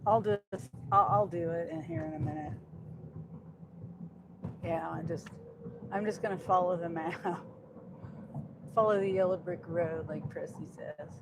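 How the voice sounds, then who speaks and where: Woman, delivery driver vlog, talks to herself, unhurried, recorded in a car, faint background noise. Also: lowish voice, fairly even intonation. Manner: chatty, muttering to herself, frustrated asides. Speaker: gig delivery driver vlogger. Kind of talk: casual talking while driving.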